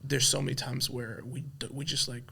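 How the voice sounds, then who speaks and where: Brief: man in his thirties, podcast guest, candid and heartfelt, gravelly bright voice. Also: mid-range voice, little pitch movement, brisk. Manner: heartfelt, many fillers like "like" and "right". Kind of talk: candid conversational storytelling.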